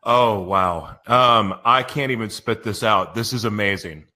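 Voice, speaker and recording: A man's voice: on the low side, measured pace, bright, forceful tone. A man hosting a live radio show, giddy and emotional, stumbling over his intros with laughs. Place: broadcast studio.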